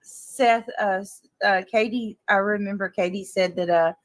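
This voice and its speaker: A woman's voice: mid-range voice, steady tone, normal speed, no room sound. A woman in casual chat, giggly and hesitant.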